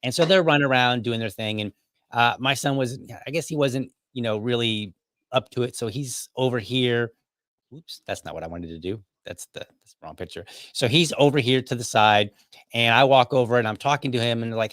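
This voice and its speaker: A man's voice: mid-range voice, a little fast, fairly bright tone, no echo. A man hosting a podcast, telling a story casually with many restarts and asides. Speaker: podcast host.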